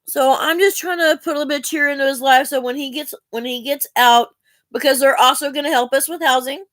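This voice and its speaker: A woman's voice: high voice, steady tone, a little fast, a bit bright, no echo. A woman, talking earnestly and in a rambling, heartfelt way to her viewers, asking for help. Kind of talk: emotional personal talk to camera.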